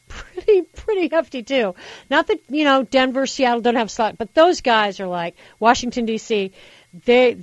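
A woman hosting a call-in radio talk show, giving opinionated advice in an animated way and repeating words for emphasis. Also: mid-range voice, no echo, rough recording.

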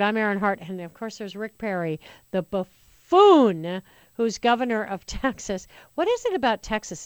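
A woman's voice: mid-range voice, smooth, no echo. A woman hosting a talk radio show, delivering an opinionated monologue in a chatty, indignant way with sarcastic asides.

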